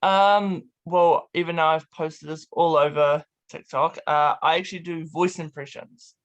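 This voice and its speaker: A man's voice: fairly high pitch, steady tone, measured pace, muffled recording. A man hosting a casual interview over a video call, upbeat and playful, giggling as he sets up games. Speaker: interview host.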